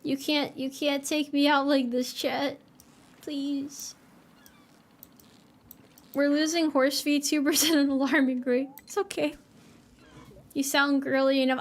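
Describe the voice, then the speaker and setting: In a relaxed live stream of a farming game, a young woman VTuber jokes with chat at her own expense. Her high voice keeps a steady tone at a measured pace, with long pauses.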